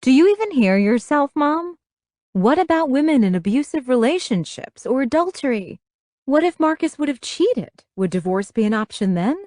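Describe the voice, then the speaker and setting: Woman reading a defensive, fed-up young woman in a lively, dry audiobook read. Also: medium pitch, normal speed, clear, resonant tone, no room sound, natural voice. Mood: exasperated. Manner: defensive, exasperated. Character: exasperated young woman arguing with her mother.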